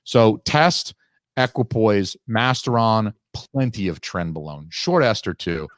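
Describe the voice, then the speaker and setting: A man's voice: lowish voice, lively intonation, slow, no room sound, studio quality. A man hosting a podcast, telling a long, profane, ranting story in casual chat. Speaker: podcast host.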